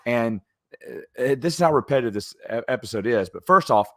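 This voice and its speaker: A man's voice: mid-range voice, expressive, fairly quick, no echo, clean studio sound. A man giving a casual episode review as a show host, exasperated and critical, with lots of ums and uhs. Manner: exasperated critique with frequent fillers.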